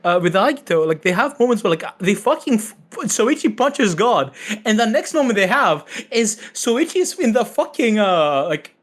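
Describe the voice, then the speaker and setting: Animated, swearing woman in casual chat. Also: fairly high pitch, moderate pace. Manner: profane, animated, quotes characters in put-on voices. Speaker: podcast co-host.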